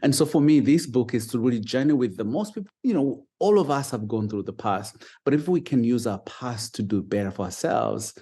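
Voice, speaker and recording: A man's voice: medium pitch, expressive, fairly quick, hardly any pauses, mellow, slightly rough. A man from Uganda with a Ugandan British accent, speaking earnestly as an interview guest and repeating words as he goes. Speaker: guest, foster dad. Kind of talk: casual interview talk.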